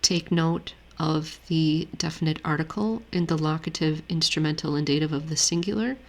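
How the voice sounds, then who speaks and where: A woman with a low voice teaches a grammar lesson. She explains each point in a steady, methodical way, and her voice has a gravelly edge. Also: normal speed. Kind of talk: screen-share lesson walkthrough.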